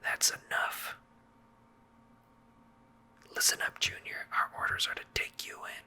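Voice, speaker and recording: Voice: measured pace, sharp tone. A streamer reading a stern male knight's commands in whispered role-play. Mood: commanding. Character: stern male knight leading a capture squad.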